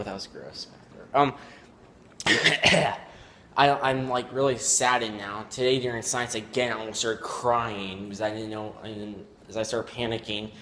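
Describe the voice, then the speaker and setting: A teenage boy telling a vlog story in a downcast, regretful way, rambling and halting with many restarts and fillers. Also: lowish voice, fairly bright tone, a little hiss or hum. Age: teens. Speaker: vlogger. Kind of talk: confessional personal vlog.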